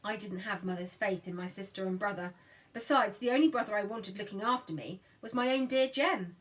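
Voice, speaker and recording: A woman reading a children's novel aloud in scripted narration, giving the dialogue lively voices. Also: mid-range voice, a little fast, poor audio. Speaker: audiobook reader.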